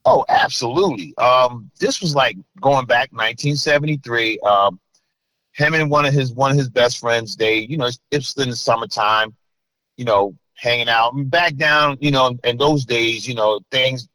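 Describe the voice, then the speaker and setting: A middle-aged man from New Jersey, a guest in an interview, telling a story with animated bursts as he acts out voices. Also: mid-range voice, moderate pace, no echo, poor audio.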